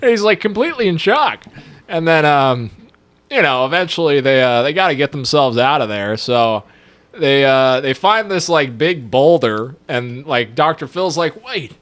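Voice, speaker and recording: A man co-hosting a movie podcast in casual chat, excitable and profane, rambling with many fillers. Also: medium pitch, unhurried. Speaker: podcast co-host.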